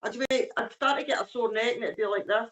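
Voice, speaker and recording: A woman's voice: on the high side, quick pace, crowd noise, low-quality recording. A Scottish woman chatting casually, easygoing, with "aye" and "eh" running through her talk. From Scotland. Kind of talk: casual chat.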